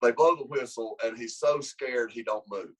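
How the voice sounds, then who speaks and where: A man's voice: medium pitch, moderate pace, slightly rough, poor audio. A man, a wrestling coach telling a long story in an interview, rambling and restarting his sentences. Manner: rambling with many restarts, lively when acting out quotes.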